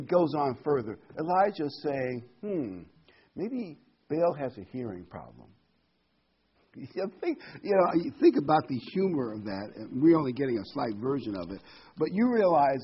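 Husky-voiced preacher with lively delivery. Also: male voice, medium pitch, measured pace, dull audio. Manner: conversational, restarts often, animated storytelling. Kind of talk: informal sermon.

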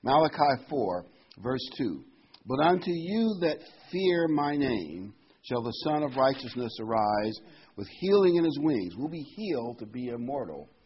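A man's voice: mid-range voice, very animated, unhurried, slight background noise. A man preaching a sermon and reading scripture aloud, talking in a conversational way that rises to emphatic when he quotes the verses. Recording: dull lo-fi recording.

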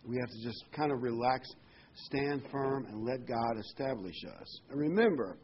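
A man preaches in a mid-pitched voice, reading scripture and driving points home by repeating them. The sound is muffled and lo-fi, with a faint hiss underneath. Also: a little fast. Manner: emphatic, repeats key phrases. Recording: muffled lo-fi recording.

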